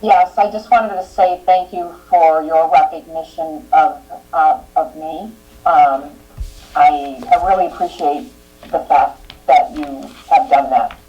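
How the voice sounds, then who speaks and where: A woman with a low voice talks slowly and softly. Her audio sounds dull and lo-fi, with faint music in the background. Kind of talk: thanking at a meeting.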